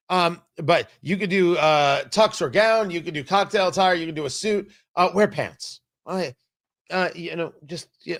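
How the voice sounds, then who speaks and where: A man hosting a talk radio show, giving emphatic, animated commentary. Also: high-pitched. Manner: animated, emphatic, mocking impressions. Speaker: radio host.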